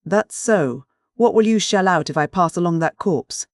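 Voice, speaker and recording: Narrator doing a truculent American skipper, slangy drawl, dry close sound, mid-pitched. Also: animated, normal speed, no echo, close to an everyday voice. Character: truculent tall American sea captain, lean and hard.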